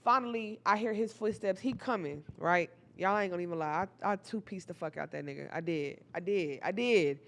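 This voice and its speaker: A young woman telling a personal story to her viewers in a casual, animated, profane way, often calling out to the audience. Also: fairly low pitch, a little fast, few pauses.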